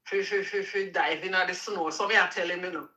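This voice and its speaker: Bright Jamaican Patois woman, echoey. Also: fairly low pitch, fairly quick, muffled recording. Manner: lively, joking, broad Patois phrasing. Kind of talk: casual chat.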